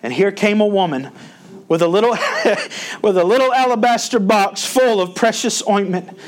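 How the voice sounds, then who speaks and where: A man's voice: sits high, normal speed. A male pastor preaching a sermon, folksy and storytelling, rising in emphasis when he quotes scripture.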